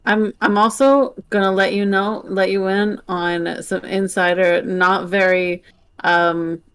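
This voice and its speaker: A woman's voice: mid-range voice, steady tone, slow, smooth, no echo. A woman streamer reading game lore aloud and joking between passages. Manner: jokey, playful asides. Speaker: streamer playing a narrative game.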